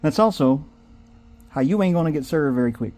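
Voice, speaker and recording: Speaking a little fast, this comedic storyteller has a fairly high, animated, slightly mellow voice. He drawls through a folksy, wandering comic story, digressing freely and playing the people in it.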